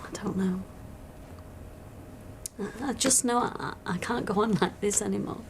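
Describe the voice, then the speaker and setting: In a TV drama, an actress plays a weary, sleepless soldier's wife, speaking hesitantly and wryly between sighs. Her mid-range voice is gravelly and unhurried, with slight background noise.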